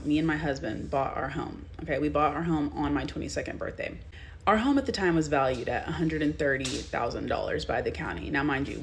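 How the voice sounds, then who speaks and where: A woman in her twenties from Texas, speaking earnestly and directly to her viewers in a vlog monologue. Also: low-pitched. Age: 20s.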